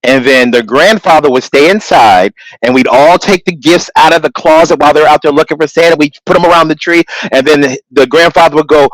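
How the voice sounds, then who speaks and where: A man's voice: on the high side, brisk, hardly any pauses, dry recording, low-quality recording. A man, a comedian co-host, telling a family story on a comedy radio show and acting out the voices in it. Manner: lively storyteller, acts out voices. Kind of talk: casual comedy radio chat.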